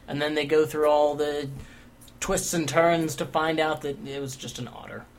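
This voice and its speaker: A man's voice: mid-range voice, fairly even intonation, normal speed, slight background noise. A man hosting a casual comedy chat show, wry and joking as he leads the segments. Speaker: podcast host.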